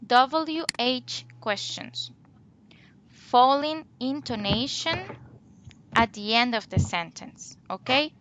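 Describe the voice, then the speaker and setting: A woman teaching English over a video call. Her delivery is slow and deliberate, and she exaggerates the rise and fall of her examples. Her voice is bright and a little high, with faint background noise. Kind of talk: online one-to-one lesson.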